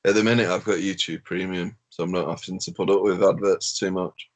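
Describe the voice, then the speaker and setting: Laid-back man, lowish voice. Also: fairly even intonation, brisk. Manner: laid-back, laughs often, swears casually. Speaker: podcast co-host. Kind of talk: casual chat.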